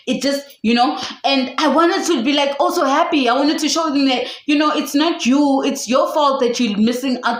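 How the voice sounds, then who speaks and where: A young woman vlogger telling a story casually to the camera, dramatic and laughing, at times breaking into high shouts. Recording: echoey room.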